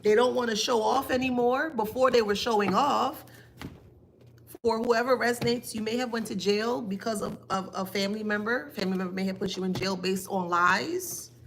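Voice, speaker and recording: Woman, tarot-style reader, gravelly fry in her voice, faint hiss behind her; taunting, emphatic delivery. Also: on the high side, moderate pace. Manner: taunting, emphatic rhetorical questions. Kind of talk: spiritual reading monologue.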